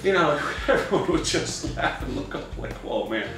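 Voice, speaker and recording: A man's voice: on the high side, moderate pace, vocal fry, over music. A man, a film crew member, recalling set moments with amusement in an interview. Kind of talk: interview anecdote. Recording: echoey room.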